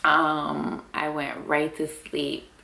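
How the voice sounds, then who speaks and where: A woman's voice: deep voice, monotone, drawn-out words, vocal fry, sharp tone. A young woman vlogger telling a long personal story to camera in casual chat, saying "like" constantly and laughing often, recorded at home. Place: at home with her baby.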